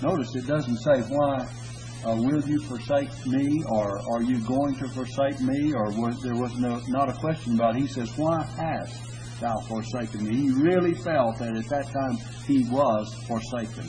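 An earnest male preacher of middle pitch delivers a sermon. He swells and slows on scripture quotes, then drops back to plain teaching. Frequent "uh" pauses break up his thoughts. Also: fairly even intonation, noisy background.

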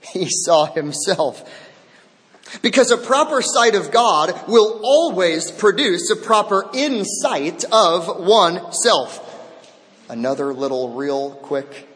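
A man preaching a sermon as pastor, swinging dramatically between loud proclamation and hushed near-whisper. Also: sits high, animated, slow. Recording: long echo of a large hall.

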